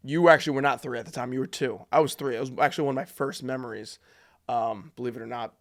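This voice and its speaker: A man's voice: mid-range voice, steady tone, fast talker, fairly bright tone. 20s guy teacher on a podcast, keeps restarting sentences, laid back chat. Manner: stammering restarts, repeats words. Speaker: high school teacher.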